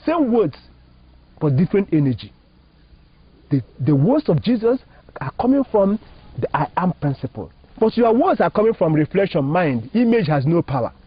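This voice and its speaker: Emphatic Nigerian priest, lively rising pitch. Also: male voice, normal speed, slightly rough. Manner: emphatic, preacherly, rising and falling phrasing, asks rhetorical questions. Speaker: Catholic priest. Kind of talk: spiritual teaching in an interview. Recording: dull lo-fi dry recording.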